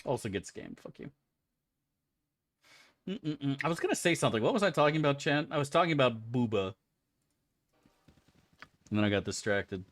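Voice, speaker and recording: A man's voice: medium pitch, very animated, fast, long pauses, a bit bright, no room sound. A young man streaming a game, chatting casually with his viewers in a laid-back, joking and profane way. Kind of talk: casual live-stream chat.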